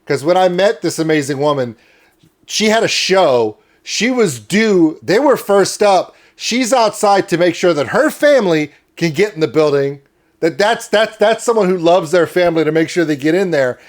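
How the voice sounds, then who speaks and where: A high-voiced man hosting a casual interview. He talks with warm enthusiasm and rambles through a long story, piling praise on his guest. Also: expressive, moderate pace. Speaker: interview host.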